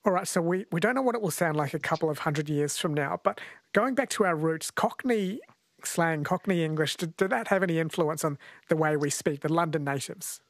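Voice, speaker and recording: A man's voice: fairly high pitch, brisk, dry recording, clean studio sound. A man from New Zealand hosting a radio talk show, chatty and asking long questions. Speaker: radio host.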